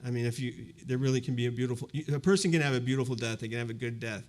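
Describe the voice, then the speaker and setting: With a darkish, mid-range voice, the man races through a personal story. He's a university presenter in his fifties addressing a live audience, and his reflective, conversational telling leans heavily on fillers such as "you know."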